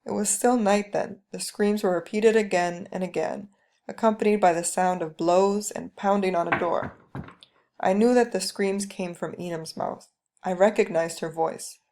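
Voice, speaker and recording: A woman reads a first-person story aloud in a calm, steady way. Her voice is mellow and dark, with a gravelly texture. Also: mid-range voice, moderate pace. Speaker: reader. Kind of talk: storybook reading.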